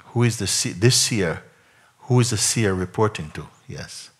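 A man as a spiritual teacher in a satsang, probing a questioner by repeating questions back in slow, reflective phrases. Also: lowish voice, animated, husky. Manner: slow, reflective phrasing with frequent "you know" and "no?". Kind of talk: satsang talk answering a questioner.

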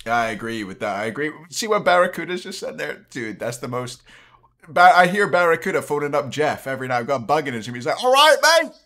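A man's voice: mid-range voice, animated, quick pace, fairly bright tone. Rambling tipsy young man streaming. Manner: rambling, trails off, frequent restarts. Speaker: streamer and caster. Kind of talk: late-night casual stream chat.

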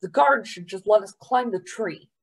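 A woman's voice: medium pitch, moderate pace, lightly acted. A woman reading aloud, voicing a stubborn, fair-minded boy who speaks earnestly and firmly. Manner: earnest, firm.

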